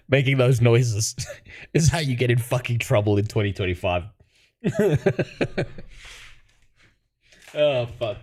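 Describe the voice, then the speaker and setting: A man's voice: mid-range voice, animated, slow pace, long pauses, a little mellow. A man chatting casually on a livestream, profane and rambling, talking to his viewers. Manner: profane, rambling, laughs often. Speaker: streamer.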